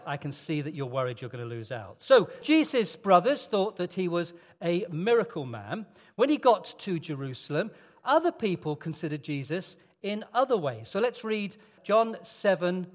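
A man leading a playful, interactive children's talk in church, coaxing volunteers and reading scripture slowly. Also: sits high. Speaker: preacher. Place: large church hall. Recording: long church-hall reverb.

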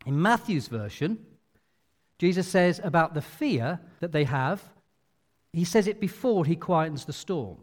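Animated high-voiced male preacher in a hall. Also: a little slow. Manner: animated, expressive storytelling delivery. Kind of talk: sermon. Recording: long reverb of a large hall.

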